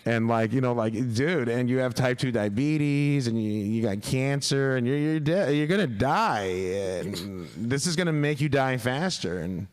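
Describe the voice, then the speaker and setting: A man's voice: medium pitch, expressive, unhurried, hardly any pauses, smooth. A man telling a long, rambling story as a podcast guest, swearing constantly and laughing along. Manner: profane, rambling, laughs through his stories. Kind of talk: casual storytelling.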